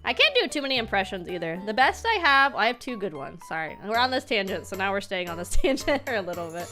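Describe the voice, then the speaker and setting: A woman's voice: mid-range voice, very animated, fast, sharp tone, soft background music. A woman streaming a game, chatting casually with laughs and reading its lines aloud.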